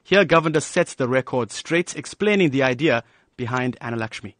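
A man narrating a scripted radio news feature in an even, polished delivery. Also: medium pitch, fairly quick, no echo.

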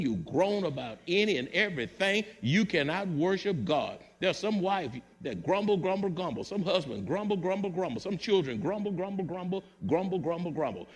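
A man preaching a sermon to his church congregation, building fervor through repetition. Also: on the high side. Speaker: pastor. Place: church sanctuary.

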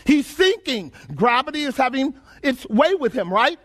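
A male preacher with an unusually high-pitched voice delivers an emphatic sermon. He keeps throwing questions back at the congregation and drives his points home by repeating phrases in rhythm. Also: very animated, moderate pace, a bit bright. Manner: emphatic call-and-response questioning.

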